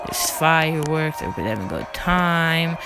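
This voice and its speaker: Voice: mid-range voice, lively intonation, brisk, poor audio. A narrator in a casual voice-over game retrospective, recapping in a rambling, offhand way with frequent restarts and stumbles. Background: background music.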